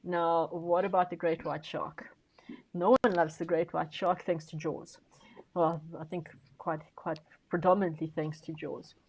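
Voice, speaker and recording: A woman's voice: fairly low pitch, little pitch movement, a little slow, a little mellow, breathy edge, poor audio. A woman speaking on a conference panel, making her case emphatically and persuasively, stressing key words and often restarting her sentences. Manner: frequent fillers and restarts.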